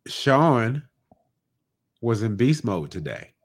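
A man's voice: mid-range voice, very animated, slow, husky. A young man co-hosting a comedy podcast in a laid-back, emphatic, profane way. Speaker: podcast co-host. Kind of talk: casual comedic chat.

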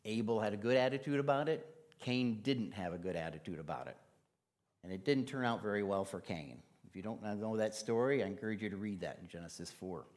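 A man's voice: fairly low pitch, fairly quick, a little mellow. A man preaching a casual, conversational sermon in church, using plenty of fillers. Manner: casual, chatty, with many fillers.

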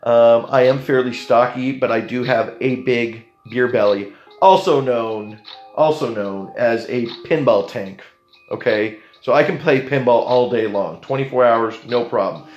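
A young Canadian man telling a story in a casual, animated way, jumping into the voices of the people in it. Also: medium pitch, measured pace, roomy sound, dull audio, faint music behind.

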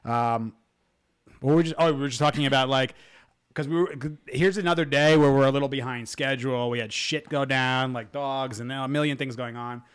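A man hosts a podcast in relaxed, unscripted chat. He rambles through his thoughts, leaning on fillers and casual swearing, in an ordinary mid-pitched voice. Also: a little fast, clear, resonant tone. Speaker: podcast host, dog trainer.

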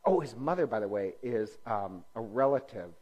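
A man's voice: lowish voice, lively intonation, normal speed, darkish tone, slightly rough, highs cut off. Male lecturer, casual and rambling, frequent fillers and self-corrections. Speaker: speaker teaching church history.

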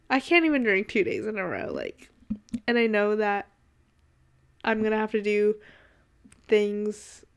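A woman's voice: fairly high pitch, darkish tone. A young woman hosting her own podcast, chatting in a rambling, gushing way full of "like", with a congested voice. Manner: rambling and gushing, heavy use of "like". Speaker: podcast host. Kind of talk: casual solo podcast chat.

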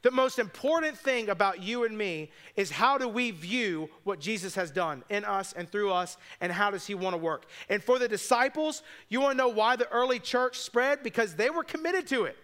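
A male pastor preaches a sermon. His voice sits high and sounds bright. He tells the story with quick asides and voices the people in it. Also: expressive.

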